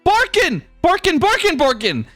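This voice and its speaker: A man voicing an excited small creature that squeaks out one word over and over. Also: moderate pace, no room sound, faint music behind, exaggerated voice. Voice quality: squeaky repeated cries.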